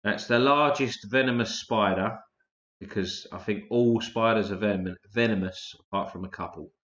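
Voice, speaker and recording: A man's voice: on the low side, moderate pace, fairly bright tone. A man hosting a casual live stream, chatting loosely and swearing freely while tired and yawning. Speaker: livestream host. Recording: roomy, dull lo-fi stream audio.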